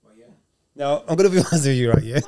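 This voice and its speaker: A man co-hosting a podcast, telling stories in a lively, slangy, casual way. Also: a little high, rapid-fire, clear, resonant tone. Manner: animated storyteller with street slang. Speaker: podcast co-host, youth worker.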